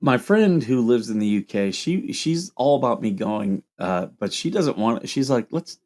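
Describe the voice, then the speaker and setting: A man's voice: medium pitch, lively intonation, unhurried, darkish tone. Rambling Midwestern man chatting with viewers. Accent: Midwestern, Ohio. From Toledo, Ohio. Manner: rambling, chatty, reacts to chat comments. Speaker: livestream host. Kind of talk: casual livestream chat with viewers.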